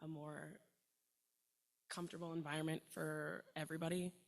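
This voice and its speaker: A woman's voice: sits low, level tone, moderate pace, gravelly. A woman educator introducing herself to a workshop group, hesitant with fillers. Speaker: educator in the audience. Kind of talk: casual self-introduction.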